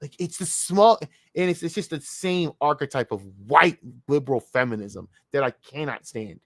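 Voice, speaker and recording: A man streaming live, ranting loudly and angrily with heavy profanity. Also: on the high side, moderate pace, no echo, clean studio sound. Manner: loud, profane, angry ranting.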